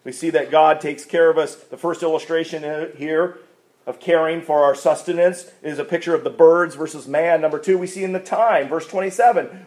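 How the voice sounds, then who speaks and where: A male pastor preaching a sermon, asking rhetorical questions and swinging between loud, stressed lines and quiet asides. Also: a little high, moderate pace.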